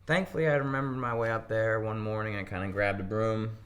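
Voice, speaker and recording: Low-voiced man telling a lively story. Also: brisk. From Pennsylvania, US. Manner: animated storyteller acting out quotes. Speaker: interview guest. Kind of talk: casual storytelling interview.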